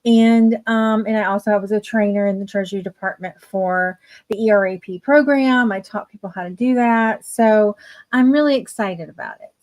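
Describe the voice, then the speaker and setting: A woman's voice: medium pitch, moderate pace, darkish tone. A woman hosting a writing livestream, chatting casually and greeting viewers fondly by name. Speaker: livestream host of writing sprints.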